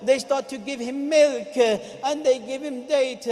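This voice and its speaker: A man with a very high voice delivers a mourning sermon, breaking from plain speech into chanted and cried-out laments. His voice rings through a big mosque hall with a long reverb. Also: unhurried, warm tone. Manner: chants and cries out lines in a mourning melody. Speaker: preacher.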